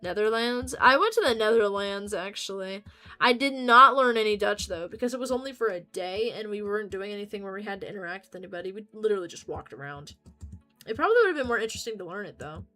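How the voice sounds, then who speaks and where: A woman's voice: medium pitch, expressive, fast talker, pushed and bright, faint music behind. Rambling, foul-mouthed American streamer woman. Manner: rambling, jokey, swears freely. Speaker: livestreamer. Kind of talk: casual livestream chat.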